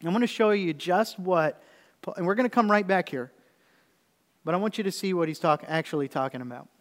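A man's voice: high voice, brisk. A male pastor in his thirties preaching a sermon in a church, often asking the congregation questions. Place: church sanctuary. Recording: reverberant church hall.

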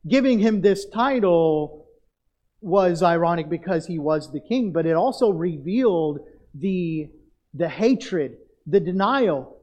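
A pastor preaching a sermon, addressing the congregation directly and drawing out key phrases for emphasis. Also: male voice, high-pitched, darkish tone, dull audio.

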